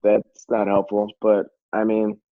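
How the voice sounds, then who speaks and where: A man in casual podcast chat, opinionated and quick to murmur agreement. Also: on the low side, monotone, no room sound, narrow, tinny audio. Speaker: podcast co-host.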